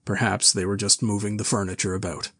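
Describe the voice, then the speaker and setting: A man reading a classic novel aloud with measured, even storytelling. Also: lowish voice, no room sound, clean studio sound. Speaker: narrator. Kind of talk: scripted narration of a classic novel.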